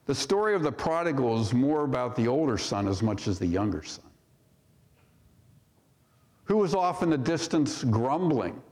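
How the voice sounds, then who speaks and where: A male pastor's mid-range, darkish voice carries through the long reverb of a church sanctuary. He reads scripture during his sermon and comments on it, asking the congregation rhetorical questions.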